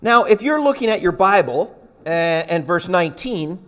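A pastor preaching an expository sermon, explaining word meanings step by step and asking rhetorical questions. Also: male voice, sits high, expressive, moderate pace.

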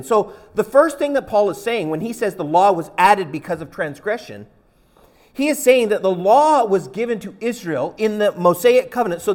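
Man preaching, high voice, explains words step by step, asks rhetorical questions. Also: a little mellow. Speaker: pastor. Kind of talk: expository sermon.

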